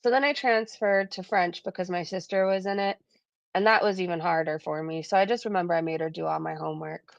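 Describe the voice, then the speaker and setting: A woman's voice: fairly low pitch, fairly even intonation, a little fast, vocal fry, dry recording, muffled recording. A woman co-hosting a livestream, chatting casually and rambling through stories with frequent laughs. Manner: rambling storytelling, laughs often. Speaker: livestream co-host.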